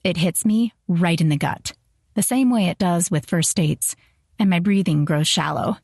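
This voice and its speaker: Woman narrator, first-person audiobook, low voice, gravelly, dry close recording. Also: normal speed, darkish tone, no echo.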